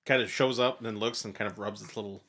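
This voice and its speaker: A man acting as game master, narrating a tabletop game with animated energy and frequent laughter. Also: lowish voice, quick pace, a little hiss or hum.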